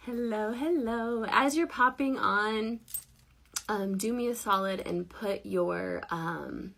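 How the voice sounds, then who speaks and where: A woman in her thirties hosting a casual livestream, chatty and giggly, self-deprecating, sounding tired and low on energy. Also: slow, vocal fry, pauses often, fairly bright tone. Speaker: network marketing livestream host.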